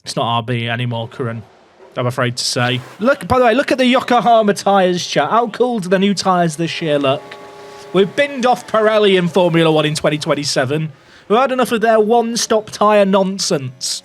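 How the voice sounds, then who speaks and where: A young man commentating live on a racing management game for his chat, swinging between nervous muttering and excited shouts. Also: sits high, moderate pace, slight background noise. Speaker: gaming YouTuber.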